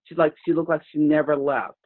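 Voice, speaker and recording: A woman sharing a personal story on a video call, in a halting, rambling way with many restarts. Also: sits low, steady tone. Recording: tinny phone-like video call audio.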